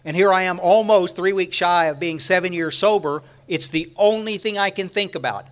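A middle-aged man from Texas, giving a halting recovery share full of restarts and repeated words. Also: sits high. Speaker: recovery speaker.

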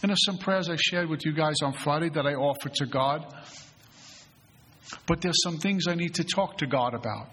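A man's voice: on the high side, normal speed, a bit bright. A man leading a spiritual recovery retreat, talking in an earnest, conversational way and often repeating his phrases. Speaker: retreat facilitator. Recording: long hall reverb.

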